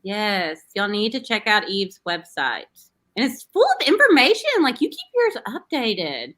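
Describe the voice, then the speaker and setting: A woman's voice: medium pitch, very animated, a little slow, fairly bright tone. An American woman co-hosting a casual talk show, giggly and bubbly, chatting with a guest over a video call. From United States. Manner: giggly, bubbly, uses y'all. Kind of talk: casual chat.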